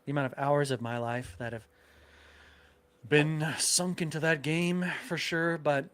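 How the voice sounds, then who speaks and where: A man's voice: fairly high pitch, steady tone, unhurried, a bit bright, clear, resonant tone. A man who makes card games, chatting enthusiastically and joking as a guest. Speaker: game designer guest. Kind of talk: casual chat.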